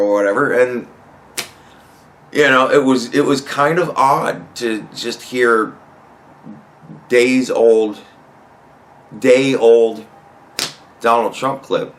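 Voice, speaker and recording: A man's voice: mid-range voice, steady tone, slow pace, pauses often, a bit bright, slight background noise. A man hosting a podcast in a casual, rambling comedic monologue, swearing freely and laughing often. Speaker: podcast host.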